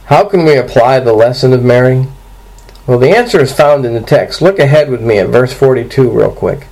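A man preaching an expository sermon to his congregation, earnest and steady, walking through scripture verse by verse. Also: medium pitch, fairly quick, low-quality recording. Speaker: pastor.

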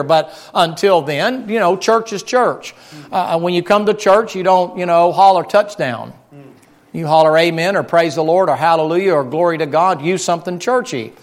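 High-voiced preacher guy, folksy and animated, jokes with the pews. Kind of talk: sermon.

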